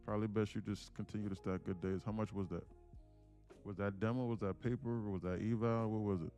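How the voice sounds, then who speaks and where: A man's voice: lowish voice, fairly even intonation, fairly quick, warm tone, soft background music. A man hosting a live trading stream, giving blunt, informal coaching to viewers. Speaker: day-trading livestream host.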